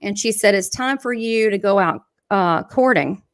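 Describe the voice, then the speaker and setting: A woman's voice: mid-range voice, moderate pace. A woman with a Southern US accent, a psychic medium chatting and laughing as she passes on spirit messages. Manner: chatty, laughs often, relays quotes from spirit. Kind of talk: live medium reading.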